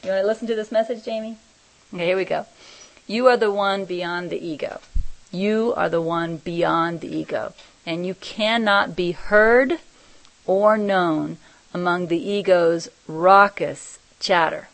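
Soft-spoken woman reading spiritual messages. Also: lowish voice, a little slow, vocal fry, no room sound, rough recording. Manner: soft-spoken, reflective, often laughing. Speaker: spiritual teacher.

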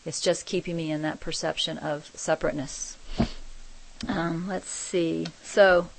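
A woman teaching a spiritual group, reading channeled messages aloud and commenting on them in a soft, reflective way. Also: lowish voice, gravelly, low-quality recording. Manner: soft-spoken, reflective, often laughing.

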